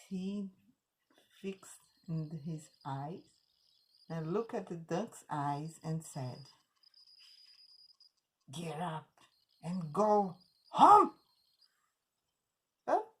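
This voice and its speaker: A woman teacher reading a children's story aloud in English as a Portuguese native, slow and expressive. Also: fairly low pitch, slightly rough.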